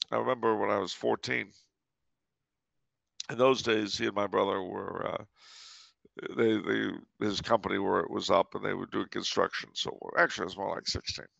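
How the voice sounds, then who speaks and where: A man's voice: fairly low pitch, gravelly, a bit bright, no echo, highs cut off. A man hosting a podcast, telling a story with dry, wry commentary. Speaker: podcast host.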